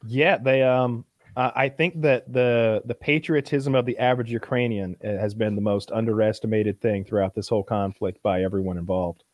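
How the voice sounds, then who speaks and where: A man's voice: fairly low pitch, steady tone, moderate pace, few pauses, a little mellow, no room sound. A young man in casual podcast chat, rambling with lots of fillers and restarts.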